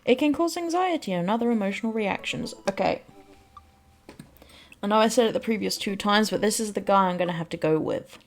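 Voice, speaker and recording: A woman's voice: medium pitch, lively intonation, fairly quick. A woman giving rambling, self-deprecating casual commentary while playing a game. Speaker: let's play host.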